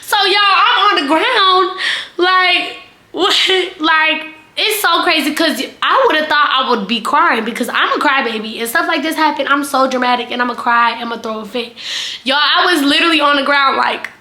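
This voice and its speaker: Young woman vlogging a crazy storytime, bright sharp voice, roomy echo. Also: high voice, normal speed. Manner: animated, dramatic storytelling with quoted voices. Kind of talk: storytime vlog.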